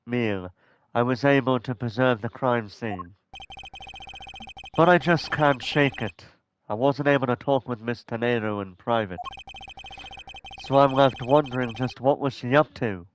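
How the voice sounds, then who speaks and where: A man voicing a composed, formal male prosecutor in an attempted British accent, reading a game script in a low, measured voice. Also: a little hiss or hum, close to an everyday voice, rough recording. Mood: brooding.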